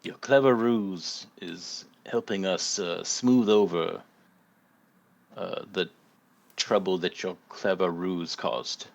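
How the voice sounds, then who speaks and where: A man voicing a calm, diplomatic townsman in a measured way. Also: sits low, gravelly, full character voice. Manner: measured, slow.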